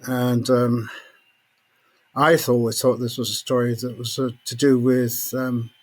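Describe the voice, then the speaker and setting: An older man, a podcast guest telling anecdotes in a lively way, laughing often and acting out what others said. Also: medium pitch, a little slow. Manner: lively raconteur, laughs often, acts out quotes. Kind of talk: anecdotal storytelling.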